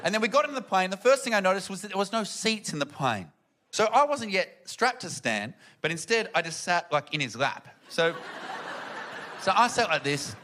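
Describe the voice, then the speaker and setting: Bright-voiced comedian telling stories. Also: male voice, high-pitched, normal speed, a little hiss or hum. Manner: animated, acts out family members in loud voices. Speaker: stand-up comedian. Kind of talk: stand-up storytelling. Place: comedy venue with audience.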